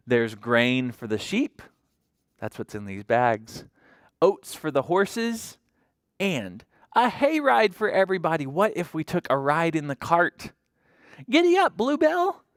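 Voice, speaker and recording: A woman librarian reads aloud to toddlers in a sing-song, coaxing way, asking little questions as she goes. Her pitch rises and falls in big, lively swings. The recording is close and dry. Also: measured pace, no echo. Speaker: children's librarian. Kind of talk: toddler story time read-aloud.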